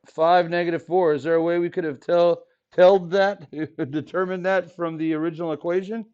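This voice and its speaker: Joking math teacher talking to a class. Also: male voice, a little high, fairly even intonation, normal speed, darkish tone, clear, resonant tone. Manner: casual, jokey, asks the class questions. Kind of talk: classroom lesson. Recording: dull lo-fi classroom recording.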